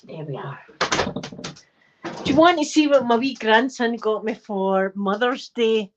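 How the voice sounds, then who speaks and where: A woman's voice: a little high, lively intonation, measured pace, background noise. An older woman with a Scottish accent, chatting cheekily at home while short of breath. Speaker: channel host. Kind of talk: casual chat. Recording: slightly dull lo-fi recording.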